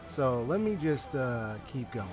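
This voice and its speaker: A male gaming creator narrates his playthrough in an easygoing, chatty way. He leans on slang and laughs often. His voice sits at an ordinary pitch, with clear game music playing behind it. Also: very animated, a little slow. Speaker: gaming YouTuber. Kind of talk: casual let's-play commentary.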